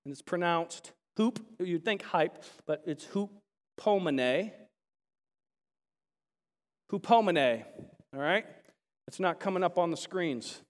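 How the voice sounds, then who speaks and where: A man preaching a sermon to a congregation, chatty with restarts and then rising to animated, emphatic bursts. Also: sits high, slow, long pauses. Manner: chatty asides, frequent restarts. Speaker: pastor. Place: large church sanctuary. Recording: long hall reverb.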